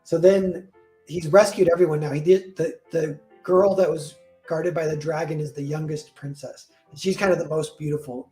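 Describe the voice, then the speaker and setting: A man's voice: on the high side, warm tone. A man casually retelling a fairy tale, rambling with lots of "like" and correcting himself as he goes. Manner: rambling, full of "like" and self-corrections. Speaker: storyteller.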